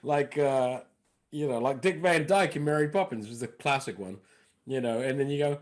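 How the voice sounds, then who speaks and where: Animated man telling comedy stories. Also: mid-range voice, normal speed. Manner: animated storyteller, slips into impressions. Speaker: comedian and impressionist guest. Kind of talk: casual interview chat.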